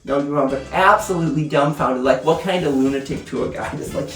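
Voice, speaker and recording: A man's voice: a little high, a little fast, hardly any pauses, a bit bright, soft background music. A man giving a casual, rambling whiskey review, telling stories with lots of fillers. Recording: roomy, mic at a distance.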